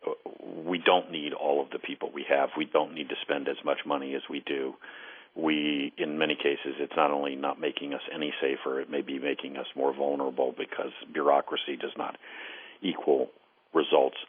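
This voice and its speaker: A man, a former intelligence case officer, speaking as a guest on a call-in radio interview. He is earnest and deliberate and often repeats words as he starts a thought. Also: very deep voice, level tone, slightly rough. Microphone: telephone. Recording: phone line.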